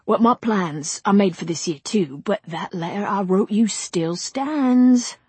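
A woman voicing a brash, pushy male film director with a Cockney accent and a forceful, overly compelling voice. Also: mid-range voice, animated, measured pace, breathy edge, no room sound. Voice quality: forceful, a little too compelling.

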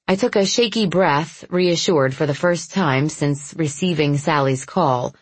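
A woman reads a first-person audiobook in a soft, intimate, measured voice. Her tone is husky and sits a little low, and the recording is close and dry, with no room sound. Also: no room sound. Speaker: audiobook narrator.

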